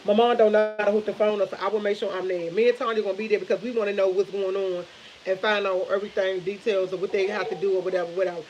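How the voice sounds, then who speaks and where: A woman's voice: mid-range voice, steady tone, fast, a little mellow, dull audio. A woman chatting casually on a live stream, rambling and retelling conversations with family. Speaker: vlogger.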